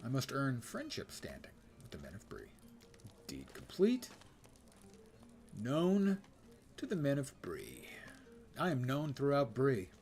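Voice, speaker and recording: A man's voice: medium pitch, wildly swooping pitch, takes it slowly, pauses often, a little mellow, soft background music. An older man giving casual, wry commentary while streaming a game and reading quest text aloud.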